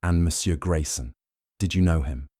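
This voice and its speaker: A man voicing a gentle, precise detective. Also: low voice, moderate pace, dry recording, clean studio sound. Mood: probing. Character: brilliant fastidious older male detective.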